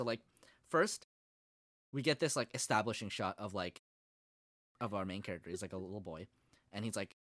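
A woman in casual chat, retelling an anime episode in a lively, mocking way and acting out bits in silly voices. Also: very deep voice, dry recording, clean studio sound. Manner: animated retelling, acts out scenes in silly voices. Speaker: podcast co-host reviewing anime.

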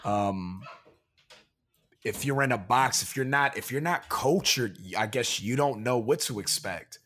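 A man's voice: medium pitch, unhurried, fairly bright tone. Young guy cohosting a podcast, earnest, kinda frustrated, talks proper. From Pennsylvania, USA. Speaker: podcast co-host. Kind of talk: casual podcast chat.

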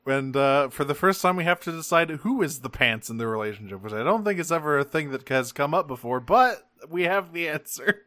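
A man co-hosting a podcast, joking and swearing as he recaps a cartoon episode, now and then slipping into quick voices for the characters. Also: a little high, animated, bright, forceful tone, no echo. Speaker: podcast co-host. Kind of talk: casual chat recapping a cartoon.

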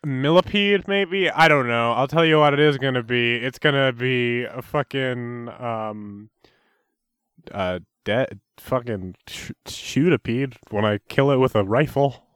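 A man's voice: medium pitch, unhurried, fairly bright tone, clean tone, dry recording, studio quality. A man co-hosting a podcast in casual, profane, mock-outraged comedic chat. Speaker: podcast co-host.

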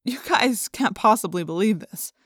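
A woman's voice: mid-range voice, expressive, normal speed, no room sound, clean studio sound, natural voice. A woman voicing a teenage boy controlled by a parasite who insists he is fine, in an insistent, pleading manner. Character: teen boy possessed by a parasite, faking innocence. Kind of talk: audiobook character reading.

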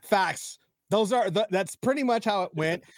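Man, podcast co-host, high and very lively voice, emphatic, dry sound. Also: normal speed, dry recording. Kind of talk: casual chat.

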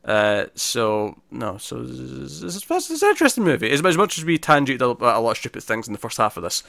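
Bright-voiced man reviewing a film. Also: medium pitch, brisk, gravelly, no room sound, studio quality. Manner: rambling, frequent restarts, animated emphasis. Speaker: podcast co-host. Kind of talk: casual film review chat.

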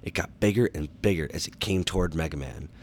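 Low-voiced male narrator, children's storybook reading, steady and expressive. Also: quick pace.

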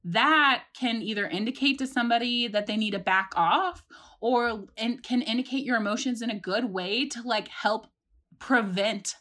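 A young woman co-hosting a casual podcast chat, animated, acting out outbursts and laughing often. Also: a little high, normal speed. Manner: animated, acts out shouted swearing, laughs a lot. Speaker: podcast co-host.

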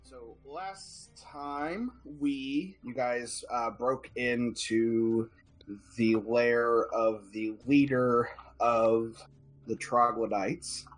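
A man narrating a tabletop game as game master, talking in a relaxed, conversational way. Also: medium pitch, very slow, faint music behind.

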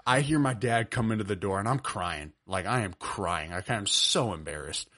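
A man in his twenties, co-hosting a podcast over a video call, telling an animated story and laughing often. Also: lowish voice, moderate pace. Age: 20s. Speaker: podcast co-host. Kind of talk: casual storytelling chat.

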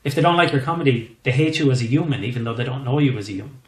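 A man's voice: mid-range voice, very fast, reverberant, rough recording. Swearing irish man telling stories. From Ireland. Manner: swearing, animated storytelling. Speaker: guest comedian. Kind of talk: casual interview chat.

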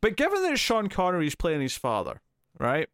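A man co-hosting a podcast, chatting casually about a film and often pausing to restart his sentences. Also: high-pitched, wildly swooping pitch, a bit bright, a little hiss or hum. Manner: rambling, hesitant, with frequent fillers and restarts. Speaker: podcast co-host. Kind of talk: casual film review chat.

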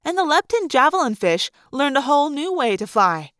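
A woman narrating a first-person novel aloud for a fan-made audiobook, in a lively, dramatic storytelling manner. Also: high-pitched, normal speed, no echo, clean studio sound. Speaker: audiobook reader.

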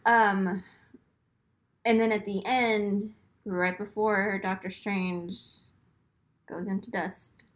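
Woman rambling about a movie, excitable, lots of likes and ums, ordinary middle voice. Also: mid-range voice, takes it slowly, pauses often. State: burping after beer. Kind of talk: casual chat.

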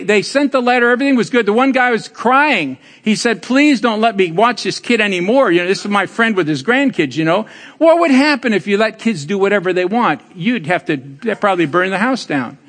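An older man, a pastor, preaching a sermon with lively storytelling, teasing his congregation and building to emphatic exclamations. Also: high-pitched. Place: church sanctuary. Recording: long hall reverb.

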